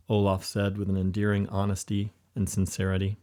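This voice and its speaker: A man with a fairly low voice narrating an adventure audiobook. He reads in a steady storytelling manner. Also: fairly quick, hardly any pauses. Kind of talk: scripted narration.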